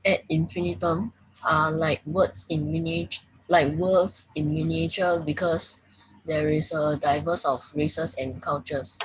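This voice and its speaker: Female student reading her essay aloud with care, very low voice, breathy, dry sound. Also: fairly even intonation, a little slow, rough recording. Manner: careful reading, with small slips.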